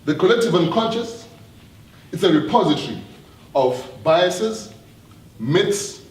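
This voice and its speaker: A man gives an earnest talk to a live audience, turning again and again to the room with questions. His voice sits fairly high for a man and carries around a roomy hall. It is picked up from a distance, with a faint hiss underneath. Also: expressive, unhurried, a little mellow. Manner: earnest, repeats words, asks the audience questions. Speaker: speaker addressing an audience.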